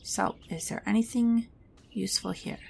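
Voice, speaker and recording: A woman's voice: medium pitch, steady tone, normal speed, creaky, a little mellow, a little hiss or hum. A woman playing a game and thinking aloud, musing and asking herself questions as she goes. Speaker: let's play gamer. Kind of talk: casual game commentary.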